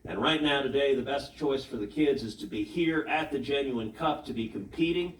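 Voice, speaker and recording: Heard from a distance in a large, echoey hall with faint noise, a man who is a senator delivers an emphatic keynote speech. His mid-range voice keeps a moderate pace as he uses rhetorical questions and anecdotes.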